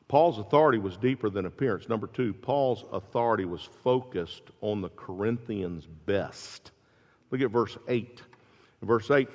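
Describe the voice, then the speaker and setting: Gravelly preacher in a large echoing hall. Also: male voice, lowish voice. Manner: animated storytelling, builds to loud peaks then drops soft. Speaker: pastor. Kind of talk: sermon. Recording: dull lo-fi recording in a large reverberant hall.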